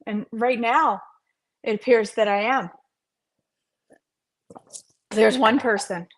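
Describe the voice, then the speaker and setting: A woman's voice: a little high, fairly even intonation, takes it slowly. A middle-aged woman, chatting casually on a cooking livestream and greeting viewers by name with playful sing-song asides. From North Carolina, USA. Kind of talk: casual live-stream chat while cooking.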